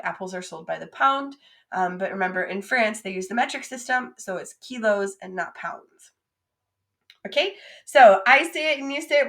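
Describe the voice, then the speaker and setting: A woman teaching French vocabulary patiently, saying words and pausing for the listener to repeat them. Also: medium pitch, a bit bright. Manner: patient, drills words for repetition. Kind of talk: recorded classroom lesson.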